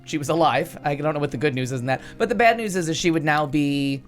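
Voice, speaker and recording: A man's voice: on the high side, quick pace, faint music behind. A man in his forties from upstate New York, telling a story in casual chat with sarcastic, wry humor. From Niagara Falls, New York.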